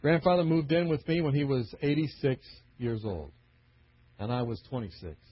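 A man's voice: medium pitch, moderate pace, breathy edge. A middle-aged man preaching a storytelling sermon, acting out the voices of the people in his stories. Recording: dull lo-fi recording.

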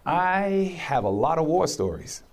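A man's voice: on the high side, unhurried. A man preaching and telling stories from his own life, acting out what people said and laughing often. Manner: animated storyteller who acts out quotes. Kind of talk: testimony in conversation.

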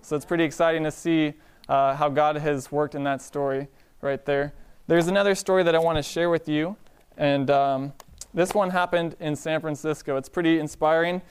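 A man preaching a sermon in a relaxed storytelling way, often asking the congregation "Amen?". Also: on the high side, moderate pace, clean tone. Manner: conversational, calls out "Amen?" to the congregation.

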